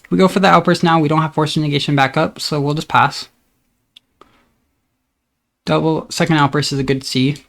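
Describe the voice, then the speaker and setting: A man giving casual commentary on his own card game, thinking aloud about each play in a relaxed, upbeat way. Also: a little high, fairly quick, gravelly, pauses often.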